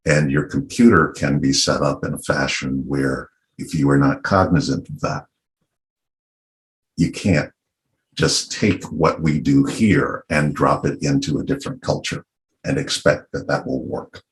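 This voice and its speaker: A middle-aged man from Virginia speaking on a panel discussion in a thoughtful, unhurried and wry way. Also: extremely low pitch, steady tone. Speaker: panel guest.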